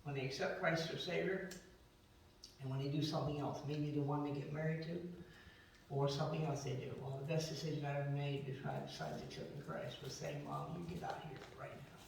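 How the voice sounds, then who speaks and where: A man's voice: a little high, fairly even intonation, a little fast, a little hiss or hum. Man telling family stories in an echoey hall. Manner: rambling family anecdotes, acts out quoted voices. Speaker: eulogy speaker. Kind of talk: memorial eulogy storytelling. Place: memorial service hall. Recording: very echoey hall, distant from mic.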